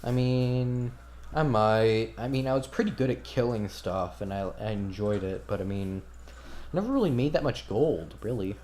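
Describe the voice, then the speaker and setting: A man's voice: normal speed, darkish tone, a little hiss or hum, close to an everyday voice. A man voicing a blunt, profane, tough human swordswoman in a tabletop game. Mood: unsure. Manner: blunt, swearing, low-key.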